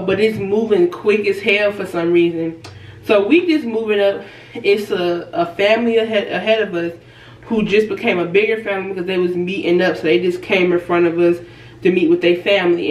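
A woman vlogger casually telling a story, animated, laughing and acting out the people she quotes. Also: mid-range voice, muffled recording. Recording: roomy and a bit distant from the mic.

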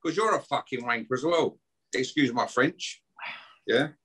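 A man's voice: mid-range voice, lively intonation, normal speed, fairly bright tone, slightly rough. A man doing a swearing rant. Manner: aggressive, swearing, taunting. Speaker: podcast guest. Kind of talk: heated podcast rant.

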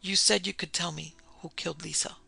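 A woman's voice: fairly low pitch, steady tone, brisk, creaky, bright, forceful tone, husky, heavily acted. A woman reading the part of a drunk, bewildered man who speaks thickly and pleads.

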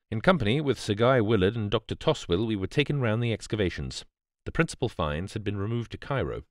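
A man reads a bedtime audiobook with a deep, low voice. His delivery is calm and measured. The sound is close and dry, with no room. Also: no room sound. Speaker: audiobook narrator. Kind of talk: scripted bedtime audiobook narration.

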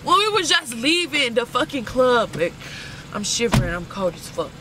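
High-voiced woman venting, heard from afar. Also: very animated, moderate pace. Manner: heated, exasperated venting with lots of cussing. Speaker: reality show cast member. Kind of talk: casual profane storytelling. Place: outdoors at night, then heading indoors. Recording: distant mic with loud background noise.

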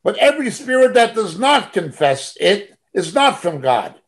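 A man's voice: sits high, big pitch swings, normal speed. A middle-aged man teaching a Bible study over a video call. He reads scripture verses aloud and follows them with emphatic comments.

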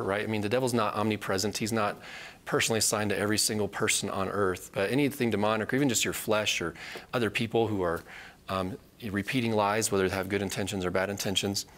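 Guy teaching bible stuff, kinda low voice, earnest, keeps saying right?. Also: fast talker, a bit bright. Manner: earnest, repeats points with "right?" tag questions; acts out quoted voices in a higher pitch.

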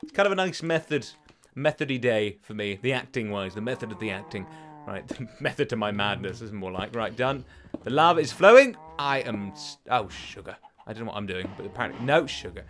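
A man's voice: mid-range voice, animated, brisk, fairly bright tone, faint music behind. A young British man hosting a let's play from his bedroom, chatting in a rambling, easily flustered way. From United Kingdom. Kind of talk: casual gaming commentary. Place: home bedroom.

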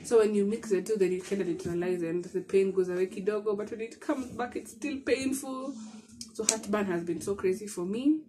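A chatty woman with a Kenyan accent talks casually to her camera at home. She is short of breath and laughs easily, slipping Swahili words into her talk. Her voice sits at a middle pitch for a woman. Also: brisk, noisy background. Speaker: vlogger. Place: bedroom at home.

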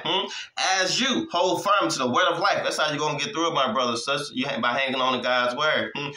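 A man's voice: a little high, steady tone, fast talker, sharp tone, echoey room, rough recording. A man teaching the Bible in a casual, street-style way, repeating his points, prompting listeners with "hmm?" and laughing between lines. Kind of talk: informal preaching.

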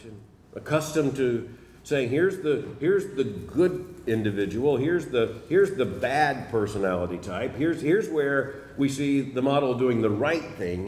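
A middle-aged man delivers a chapel sermon, pressing his points by repeating phrases. His mid-pitched voice carries through a large hall with a long, ringing reverb. A faint hum of room ambience sits under his words. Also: darkish tone. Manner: emphatic, repeats phrases for stress. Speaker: preacher. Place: seminary chapel. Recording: echoey hall from a distance.

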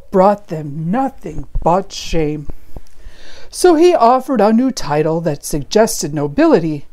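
A woman reading a rhyming children's picture book aloud with playful, expressive storytelling. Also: on the low side.

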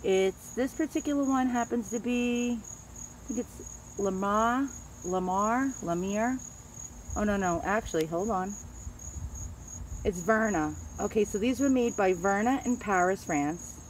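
A woman's voice: mid-range voice, unhurried, slight background noise. A middle-aged woman with a Queens, New York accent, chatting casually as she shows off antiques and stumbles over names. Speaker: antique dealer. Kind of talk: casual show-and-tell.

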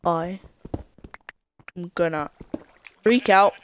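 A woman giving rambling, excitable gameplay commentary, talking to herself and swearing at the game. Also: on the low side, drawn-out words, a little hiss or hum. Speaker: gameplay video creator.

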